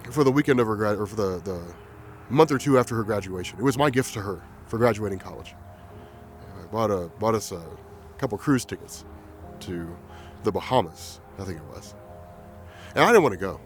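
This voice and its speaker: A man quietly telling a personal story in a halting, reflective way. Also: lowish voice, lively intonation, faint music behind. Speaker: vlogger.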